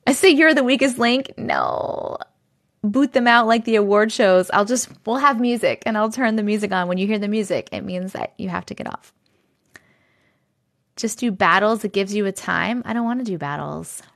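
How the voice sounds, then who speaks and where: A woman's voice: mid-range voice, moderate pace, creaky, a bit bright. A woman hosting a livestream from her basement on a regular microphone, chatting casually, laughing often and thanking viewers as she reads their comments aloud. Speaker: livestream host. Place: home basement.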